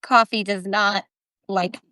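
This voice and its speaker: A woman's voice: medium pitch, fairly even intonation, slow pace, bright, forceful tone, smooth, no room sound, clean studio sound. A woman in her fifties from New Jersey, hosting a live video in a chatty, rambling, self-mocking way. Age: 50s. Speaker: live-stream host. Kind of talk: casual chat.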